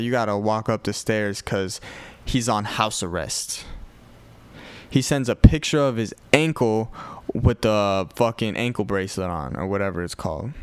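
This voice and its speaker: A young man from Chicago with a Chicago accent, telling a profane, animated story on a podcast. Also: on the low side, clear, resonant tone. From north side of Chicago. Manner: profane, animated retelling with quoted voices. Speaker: podcast host. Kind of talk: casual storytelling.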